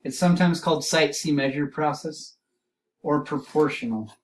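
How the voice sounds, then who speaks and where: A man teaching an art lesson, explaining drawing steps and repeating key terms slowly as he demonstrates. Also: on the high side, far from the mic, poor audio.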